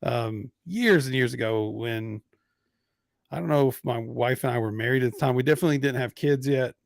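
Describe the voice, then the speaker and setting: A man in his thirties tells a story on his podcast, playing the other people's lines as he goes. His mic is close and dry, with almost no room sound. His pitch is mid-range for a man. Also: brisk, gravelly, no echo. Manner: animated storyteller acting out quotes. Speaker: podcast host. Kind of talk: casual storytelling chat.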